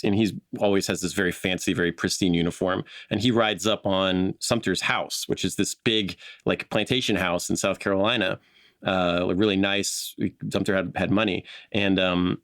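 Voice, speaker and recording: A man co-hosting a casual podcast, telling a history story in an animated way and laughing often. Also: on the low side, no room sound, studio quality.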